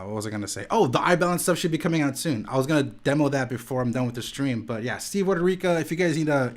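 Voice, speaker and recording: A young man chatting casually on a home live stream, rambling and laid-back, with lots of "like" and "dude". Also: mid-range voice. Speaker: streamer and podcast host. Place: home room.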